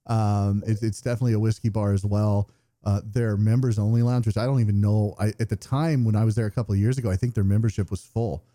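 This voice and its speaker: A man's voice: lowish voice, fairly even intonation, fast, dark tone, no room sound, clean studio sound. An American man co-hosting a podcast, chatting casually, swearing and joking at his own expense. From United States. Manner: profane, joking, self-deprecating. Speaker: podcast co-host. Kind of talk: casual chat, reading listener feedback. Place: home, remote call.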